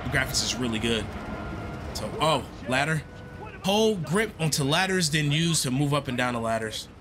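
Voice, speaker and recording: A young man streaming a horror game, chatting in slangy, excitable commentary and repeating himself as he plays. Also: medium pitch, moderate pace. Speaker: gaming streamer. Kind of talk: casual let's-play commentary.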